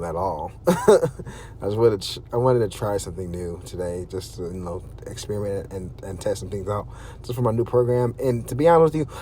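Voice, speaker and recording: A low-voiced man talks straight to his viewers in a casual vlog, blunt and profane and quick to wander off on tangents. Faint noise hums behind him. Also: warm tone. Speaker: fitness vlogger. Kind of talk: casual workout vlog talk.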